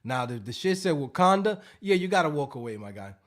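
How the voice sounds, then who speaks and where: A man hosting a casual livestream, joking loudly and profanely and acting out scam calls. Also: fairly high pitch, sing-song, normal speed. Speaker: livestream host.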